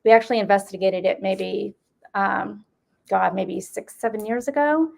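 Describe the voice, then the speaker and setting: A woman with an upstate New York accent blended with Boston speech co-hosts a casual chat. Her voice has a gravelly edge, and she talks loosely, with many fillers and restarts. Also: mid-range voice, normal speed, darkish tone. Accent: upstate New York with a Boston mix. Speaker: paranormal event organizer and co-host.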